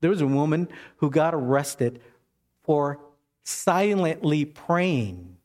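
A male pastor, preaching a sermon in an animated way, his voice climbing high in the stories and dropping soft for emphasis, then leading a prayer. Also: takes it slowly.

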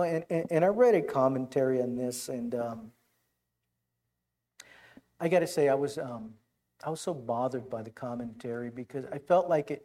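A man delivers a sermon with lively, animated emphasis. His voice sits a little high for a man. He stretches out scripture passages slowly and dramatically before explaining them in a looser, conversational way. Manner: animated preaching, quoting scripture with dramatic slowdowns. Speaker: pastor.

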